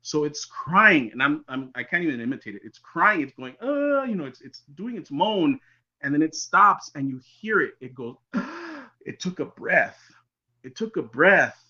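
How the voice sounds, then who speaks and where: A man recounts his own eerie encounter as a podcast guest. His voice is bright and forward, with a slightly dull, lo-fi sound. He swings from animated telling to hushed, quiet passages. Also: a little high, normal speed. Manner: animated storyteller, drops to near-whispers for tense moments. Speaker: interview guest. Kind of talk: telling a personal encounter story.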